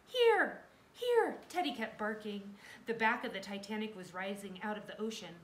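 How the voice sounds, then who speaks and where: A woman reading a children's chapter book aloud with expressive, dramatic storytelling. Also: medium pitch, brisk. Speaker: reader. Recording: roomy echo, faint background noise.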